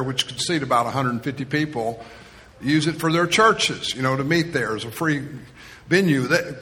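A man's voice: on the high side, bright, forceful tone, in a large hall. A man quoting a friendly churchgoing woman on the phone, inviting a preacher to come speak, in a chatty, matter-of-fact way.

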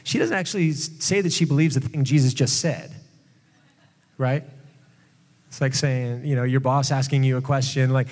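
A man, a pastor, preaching a sermon in a relaxed, conversational way with joking asides. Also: medium pitch, normal speed, pauses often, big-room sound.

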